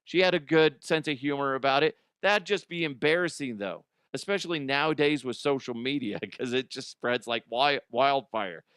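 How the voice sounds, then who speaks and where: A man's voice: medium pitch, moderate pace, hardly any pauses, fairly bright tone, clean tone, dry recording, studio quality. Laughing man riffing on odd news. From Colorado, US. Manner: rambling, laughs often, crude jokes. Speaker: comedy news host. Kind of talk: casual comedic news commentary. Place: studio.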